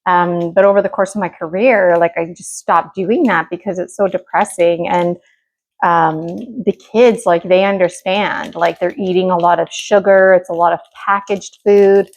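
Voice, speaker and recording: Speaking at a moderate pace in a lowish, steady voice, a middle-aged woman rambles casually through her home cooking vlog. She fills her chat with fillers while she works at the stove.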